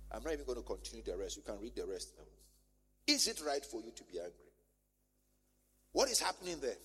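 A man preaching a sermon as pastor, animated and conversational, with rhetorical questions, in a church. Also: medium pitch, brisk, long pauses, husky. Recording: long church-hall reverb.

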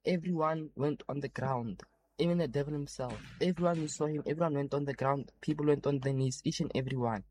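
A man's voice: on the high side, fast talker, darkish tone, a little hiss or hum. A man giving a personal testimony of a vision, emphatic and repeating his points. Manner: emphatic, repetitive retelling.

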